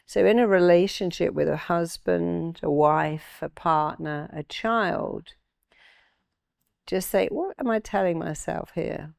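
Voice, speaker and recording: An older woman, a therapist, answering interview questions with lively anecdotes and acted-out quotes. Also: on the low side, fairly quick, vocal fry, dry recording, clean studio sound. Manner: animated, acts out quoted voices. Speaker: therapist and author. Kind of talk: interview guest, storytelling.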